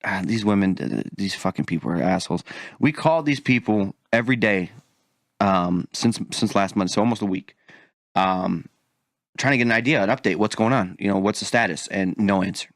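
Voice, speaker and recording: A man talking quickly in a low voice, ranting with plenty of swearing in loose, casual chat. The sound is dry and close, with no room around it. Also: no room sound. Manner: profane, animated ranting. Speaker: podcast co-host.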